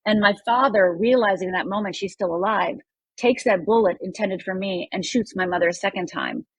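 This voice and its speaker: This interview guest, a life coach in her sixties from Upper Michigan in the US, shares a personal story with earnest emphasis, voicing the people she quotes. Her voice is medium-pitched, brisk, and breathy at the edges. There's no echo, but the recording is rough.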